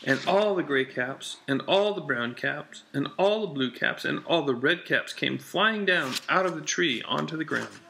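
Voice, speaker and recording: Man, storybook reader, unhurried and lively in pitch, deliberate cadence. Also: creaky, a little hiss or hum. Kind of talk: children's picture book read-aloud.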